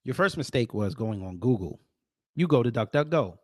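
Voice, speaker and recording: Animated man hosting reaction commentary. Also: mid-range voice, moderate pace, dry recording, studio quality. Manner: animated, swinging between loud emphasis and muttered asides; addresses viewers directly as folks. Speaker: commentary host.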